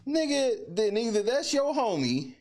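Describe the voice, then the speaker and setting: A man with a high, lively voice that leaps up and down as he mocks what he watches. His commentary is loud, full of swearing and street slang, and delivered as a live stream host reacting to clips. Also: unhurried.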